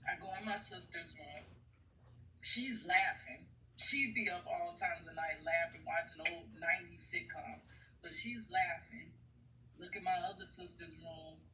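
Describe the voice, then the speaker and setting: A woman's voice: on the low side, sharp tone, a little hiss or hum. Earnest woman rambling, roomy and distant. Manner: earnest, rambling, repeats herself. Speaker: vlogger. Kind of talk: personal storytelling vlog. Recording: echoey room, far from the mic.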